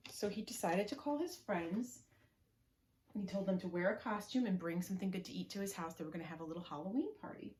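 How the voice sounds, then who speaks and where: Animated storytime librarian, echoey room. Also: female voice, on the low side, a little hiss or hum. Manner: sing-song, animated, coaxing children to join in. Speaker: children's librarian. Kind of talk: preschool story time reading.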